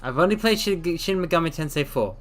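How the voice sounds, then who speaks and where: A man's voice: on the high side, animated, a little fast, faint music behind. A man streaming and chatting casually while out of breath, rambling and apologetic, repeating himself. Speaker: VTuber streamer. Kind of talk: casual livestream chat.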